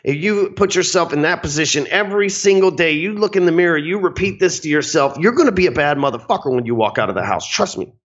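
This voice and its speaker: A man's voice: on the high side, quick pace, few pauses, highs cut off. Blunt, swearing motivational male coach. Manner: blunt, energetic, swears casually. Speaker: sales coach. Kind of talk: motivational talk to camera.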